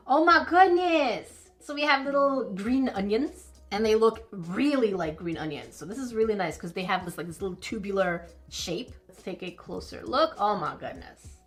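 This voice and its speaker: A woman hosting a crafting vlog, chatting casually and gushing excitedly over tiny miniature items as she builds a project. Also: mid-range voice. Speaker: crafting channel host.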